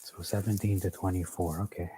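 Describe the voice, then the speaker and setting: A man's voice: low-pitched, flat delivery, brisk, warm tone, slight background noise, rough recording. A man leading an informal Bible study, thinking aloud as he explains what words mean, with frequent fillers.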